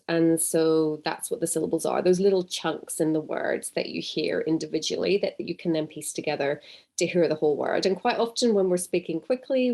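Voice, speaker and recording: Gentle, encouraging woman teacher. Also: fairly low pitch. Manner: gentle, encouraging, clearly enunciated. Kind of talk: recorded video lesson for pupils.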